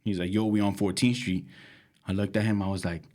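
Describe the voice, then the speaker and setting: A young man, co-hosting a podcast and telling a wild story in slangy casual chat, acting out quotes and laughing. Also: brisk. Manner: animated, slangy, acts out quotes with big pitch jumps and laughter. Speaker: podcast co-host.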